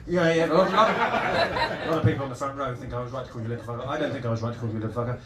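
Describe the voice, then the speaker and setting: A man with a medium-pitched voice talks very fast while doing stand-up crowd work in a live comedy club, teasing the audience with rambling, stammering restarts. The club is echoey, the mic is distant, and there's loud noise.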